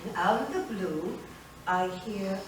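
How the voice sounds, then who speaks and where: An actress in a solo theatrical monologue, playing an older immigrant grandmother who tells her story with expressive, indignant energy, recorded from a distance in an echoey theater. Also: medium pitch, takes it slowly, noisy background, natural voice. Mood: recounting. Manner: expressive storytelling, switching between wistful and fiery. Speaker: solo stage performer. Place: theater stage.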